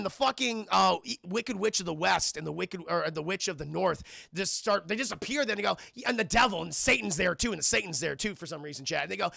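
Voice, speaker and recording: Gravelly, high-voiced man ranting to chat. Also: sharp tone, dry recording, clean studio sound. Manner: rambling, profane, addresses chat constantly. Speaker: film review streamer. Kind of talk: live-streamed scene-by-scene film recap.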